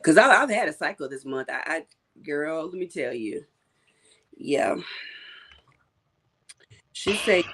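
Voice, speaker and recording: A woman's voice: deep voice, animated, slow pace, long pauses, sharp tone, breathy edge. A woman co-hosting a casual podcast chat, playful, telling stories and laughing often. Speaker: podcast co-host.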